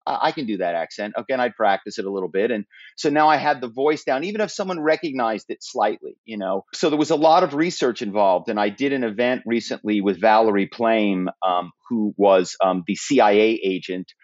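A man, a former corporate spy, telling stories as a podcast guest in a lively conversational way. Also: on the low side, a little fast, no room sound, highs cut off. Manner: animated, slips into put-on accents and quoted voices. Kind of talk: conversational interview storytelling.

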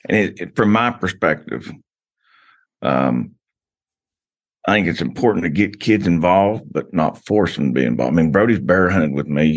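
A man telling long rambling stories as a podcast guest, full of restarts and "you know.". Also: low-pitched. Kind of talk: casual podcast chat.

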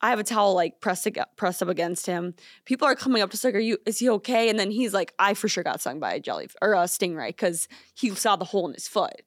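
Animated young woman telling a story. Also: medium pitch, fast talker, few pauses, no echo, studio quality. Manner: animated, lots of "like", acts out quotes. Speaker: podcast co-host. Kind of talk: casual chat storytelling. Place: podcast studio. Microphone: studio mic.

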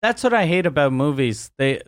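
A man's voice: a little high, animated, a little fast, dry recording, studio quality. A man in casual chat, mostly short reactions and joking asides with some swearing.

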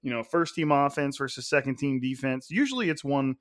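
A man co-hosting a sports podcast in casual chat, animated and emphatic, swearing freely. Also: medium pitch, a little fast.

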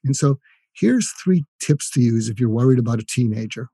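An older man with a dark, husky voice explains communication tips in an earnest, conversational way. He often drops into short acted examples of what to say. The sound is dry and close. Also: medium pitch, expressive, a little fast, no room sound. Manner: earnest, demonstrates phrases in a softer voice. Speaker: guest psychiatrist and coach.

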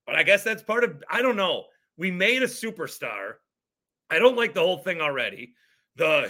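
A man hosting a casual sports podcast, reading out listener comments and ranting with animated frustration. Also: high-pitched, moderate pace. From Italian-American family. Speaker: podcast host.

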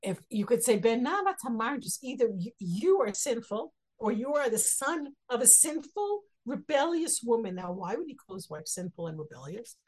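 A Torah teacher with a fairly high, darkish, breathy female voice leads a text study class. She reads verses aloud, then explains them, acting out the quotes with growing emphasis.

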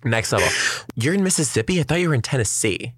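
A man hosting a casual interview who reacts with quick, enthusiastic remarks. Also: mid-range voice, animated, breathy edge, no room sound, studio quality. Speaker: podcast host.

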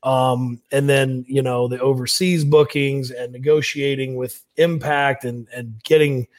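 A man's voice: mid-range voice, little pitch movement, unhurried. A man speaking as a guest in a casual interview, blunt, profane and confident. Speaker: pro wrestler guest.

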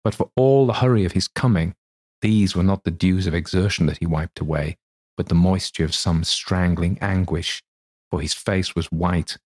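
A man narrating a classic story for a podcast in a measured, even way. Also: deep voice.

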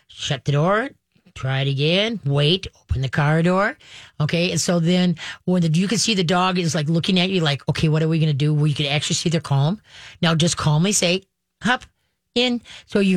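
Animated woman radio vet, dry studio. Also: lowish voice, dry recording. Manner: animated, acts out dog owners in quick voices. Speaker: veterinarian radio host. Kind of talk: casual advice talk.

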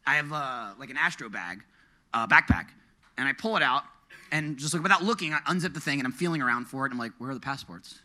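A man casually telling a profane travel story on a podcast, animated and acting out his own panic. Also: a little high, fast talker. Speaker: podcast co-host. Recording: podcast studio mic.

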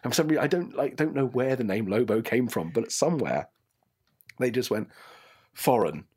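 A man co-hosting a casual film review chat, animated and jokey. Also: medium pitch, fairly quick, slightly rough. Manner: animated, mimics film lines with bits of funny voices. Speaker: podcast co-host.

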